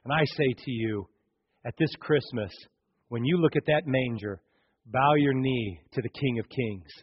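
A man preaching a sermon as pastor, dramatic, swinging between loud and hushed. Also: medium pitch, a little slow, husky, muffled recording.

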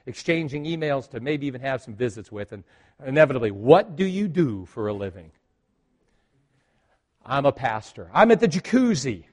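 A man's voice: medium pitch, a little mellow. A middle-aged male pastor telling a personal story in a sermon, acting out the lines of the people in it.

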